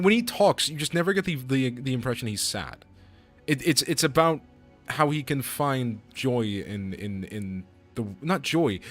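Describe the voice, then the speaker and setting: A young man chatting over his gameplay, his voice at a middle pitch, rambling and excitable as he restarts his sentences and swears freely. Faint music plays underneath. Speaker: streamer. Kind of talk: casual gameplay commentary.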